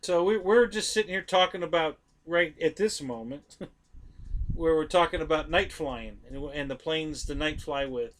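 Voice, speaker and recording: A man's voice: fairly high pitch, moderate pace, a bit bright. A man hosting a live stream, chatting casually about model planes, rambling, correcting himself and talking straight to his viewers.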